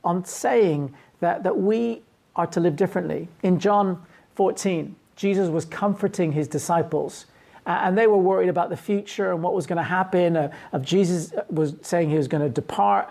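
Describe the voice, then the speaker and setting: Earnest woman pastor, husky and fairly low, preaching with frequent restarts. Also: normal speed, warm tone. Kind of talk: sermon.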